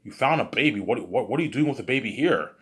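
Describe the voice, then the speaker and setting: A man's voice: medium pitch, lively intonation, fast talker, fairly bright tone, pitched above the performer's own voice, lightly acted. A man voicing a worried, practical wife who anxiously questions and reasons, inside a spoken story. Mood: alarmed.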